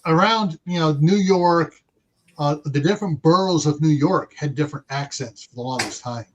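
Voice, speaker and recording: A man with a notably high voice who rambles through his points in casual podcast talk. He restarts often and leans on "you know". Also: moderate pace, highs cut off. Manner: rambling, many fillers and restarts.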